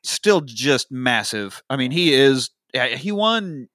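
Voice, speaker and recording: A man co-hosting a podcast, recapping a movie with lively quoted lines, swearing and laughs. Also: medium pitch, slow, no room sound, studio quality. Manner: animated retelling, quoting characters, swearing, laughing. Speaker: podcast co-host. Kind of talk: casual movie recap chat.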